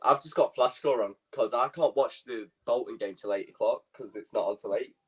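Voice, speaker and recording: A young man co-hosting a casual football watchalong chat, teasing and quick to laugh. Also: medium pitch, breathy edge. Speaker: podcast co-host.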